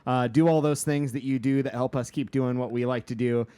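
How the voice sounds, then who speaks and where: A man's voice: medium pitch, fairly even intonation, a little fast, dark tone, clear, resonant tone. A man co-hosting a podcast, wrapping up the episode with a friendly, casual sign-off to listeners. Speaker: podcast co-host. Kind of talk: casual show outro.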